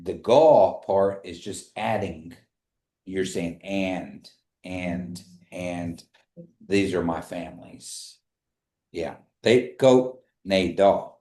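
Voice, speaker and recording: A man teaching a classroom language lesson, patiently repeating phrases slowly for his students. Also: low-pitched, steady tone, mellow. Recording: echoey room.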